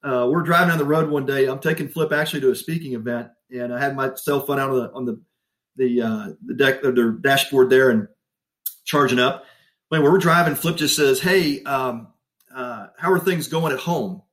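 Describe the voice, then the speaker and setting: A middle-aged man telling a personal story in an interview, animated and laughing often. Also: mid-range voice, fairly quick. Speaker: guest.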